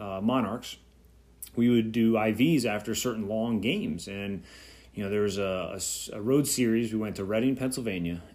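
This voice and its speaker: A man's voice: lowish voice, a little mellow. Reflective man musing on his podcast. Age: 30s. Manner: reflective, rambling with fillers and restarts. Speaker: podcast host. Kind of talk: solo podcast talk.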